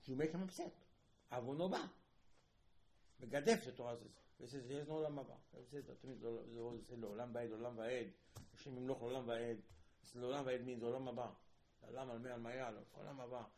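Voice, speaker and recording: A man teaching a Torah lecture as a rabbi, switching between hushed asides and loud emphatic bursts and acting out little dialogues. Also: medium pitch, fairly even intonation, a little fast. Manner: repetitive, acts out dialogues.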